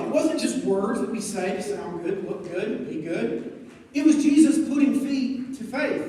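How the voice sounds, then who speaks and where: Preaching to a group of students, this youth pastor has a very high voice and keeps the mood lively with stories, jokes, and asides. The recording was made in a hall with lots of echo, the microphone placed far away.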